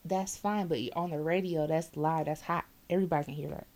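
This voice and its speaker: A woman with a somewhat low voice, chatting casually about her job driving a bus. She tells her stories in an animated way and acts out what people said. Her talk is blunt and full of profanity. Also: a little fast. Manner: animated storyteller, acts out quotes, laughs often. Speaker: bus driver. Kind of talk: casual chat, telling work stories.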